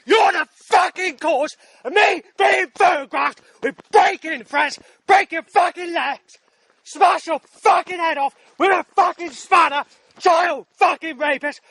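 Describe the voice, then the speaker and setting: A man in a furious shouting rant, swearing and hurling abuse. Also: extremely high pitch, a little slow, no room sound.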